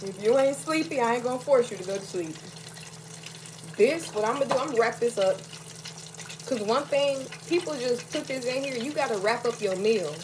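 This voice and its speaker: A woman with a slightly high, lively voice chats casually with viewers at a moderate pace while cooking in her home kitchen for a late-night vlog. It's filmed on a phone camera, and the audio carries loud frying noise. Sizzling oil and a running tap fill the background.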